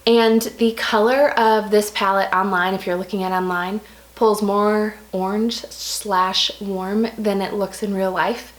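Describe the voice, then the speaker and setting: A woman's voice: medium pitch, fairly even intonation, unhurried. A young American woman chatting casually through a makeup review, often correcting herself mid-sentence and laughing at her own slips. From United States. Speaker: beauty vlogger.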